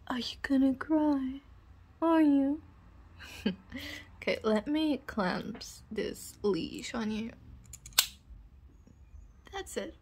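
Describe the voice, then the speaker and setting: A cruel young bully mocks and orders the listener about in a whispered role-play, performed by a woman. The voice sits fairly high yet husky, with a gravelly fry. She drawls every word very slowly. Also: darkish tone, exaggerated voice. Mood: mocking, then bossy. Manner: taunting, bossy, laughs at the listener.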